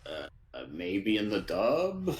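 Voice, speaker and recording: A man's voice: fairly low pitch, wildly swooping pitch, takes it slowly, poor audio. A man co-hosting an anime podcast, talking easily with lots of fillers and frequent laughs. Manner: easygoing, hesitant with fillers, laughs often. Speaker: podcast co-host. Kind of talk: casual anime recap chat.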